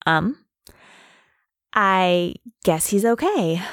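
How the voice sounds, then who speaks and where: A woman's voice: medium pitch, expressive, drawn-out words, dry recording, clean studio sound. An actress playing a young woman neighbor who talks in an easygoing, friendly, casual way. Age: young adult. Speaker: dorm neighbor.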